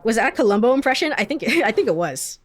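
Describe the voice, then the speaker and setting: A woman's voice: fairly high pitch, sing-song, fast. A young woman streamer casually commenting on a video game, chatty and giggling, with lots of fillers. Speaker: let's play streamer.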